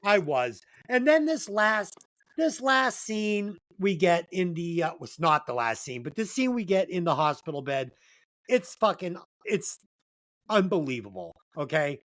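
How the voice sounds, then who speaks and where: Profane, animated woman podcast co-host. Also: lowish voice, a little slow. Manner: profane, animated, emphatic storytelling. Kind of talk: casual movie-review chat.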